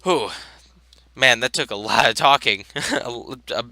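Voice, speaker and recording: A man's voice: medium pitch, expressive, measured pace, gravelly, bright, forceful tone. A tired young man in casual game commentary, rambling with lots of fillers. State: tired, yawning. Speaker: gaming video host.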